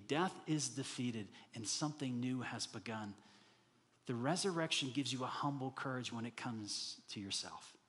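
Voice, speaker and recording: A middle-aged male pastor delivers an earnest sermon in a large hall, his mid-range voice slightly bright. He builds toward emphatic peaks and acts out the inner voices he's describing.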